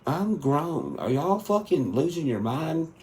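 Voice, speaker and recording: A man's voice: a little high, very animated, unhurried, darkish tone. A man in his thirties delivering an angry, profane spoken rant inside a song. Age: 30s. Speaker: country rap artist.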